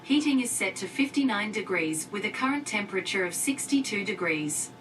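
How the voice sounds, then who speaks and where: A woman's synthetic voice-assistant voice giving polite, even, scripted answers from a smart speaker in the room. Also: brisk. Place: room, heard through a live show mic. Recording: distant speaker with faint rumble.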